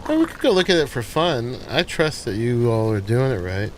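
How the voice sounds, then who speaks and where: A man's voice: medium pitch, normal speed, slight background noise. A man hosting a gaming channel, casually talking through his gameplay and thinking aloud as he builds. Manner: relaxed, thinking aloud while playing.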